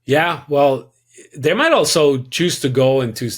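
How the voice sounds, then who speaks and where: A man's voice: fairly high pitch, expressive, unhurried. A man with a French Canadian accent, a native French speaker, co-hosting a podcast and reading listener questions aloud. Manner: reads listener questions aloud, light self-deprecating humor. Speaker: podcast co-host. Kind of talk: casual podcast chat, reading a mailbag question.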